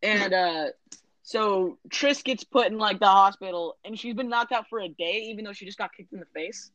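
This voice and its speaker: A woman's voice: medium pitch, normal speed, fairly bright tone, no echo, lo-fi sound. A woman in casual chat recapping a movie, rambling, correcting herself and tossing in sarcastic asides.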